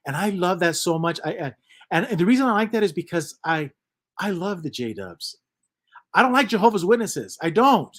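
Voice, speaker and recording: A man's voice: sits high, big pitch swings, moderate pace, a bit bright. A man hosting a casual livestream, reading chat comments aloud and rambling on with lots of repeats and mutters.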